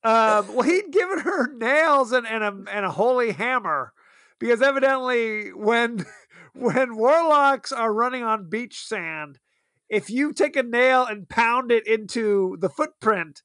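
A man talking through a film with a co-host, playful and laughing through his sentences. His voice is high and bright, and it is recorded dry and close with no room sound. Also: expressive, a little slow, dry recording. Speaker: podcast co-host. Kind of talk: casual film chat.

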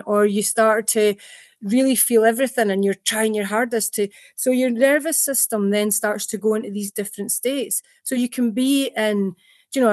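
A woman's voice: medium pitch, no echo, studio quality. A woman therapist who explains at length in an interview, telling stories and acting out quotes. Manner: animated storytelling, acts out quotes, many restarts. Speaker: trauma therapist.

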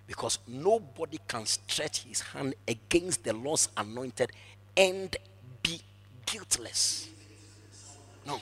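Male preacher, sermon delivery: bright, slightly husky voice, emphatic, drops to hushed asides then shouts. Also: medium pitch, lively intonation, takes it slowly, long pauses. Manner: repeats phrases for emphasis.

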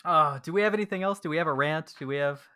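A man chatting on a casual sports podcast with a bright, sharp voice that sits a bit high. He is easygoing and likes to needle his co-host. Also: fast, clear, resonant tone.

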